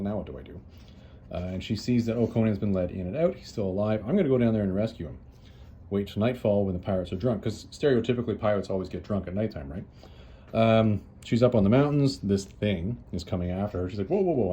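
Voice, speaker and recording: A man with a lowish, mellow, warm voice walks through a story in a relaxed, chatty way. He talks loosely, dropping in "uh"s and restarting sentences as he goes. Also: slight background noise. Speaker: comics reviewer, host. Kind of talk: casual retelling of a story.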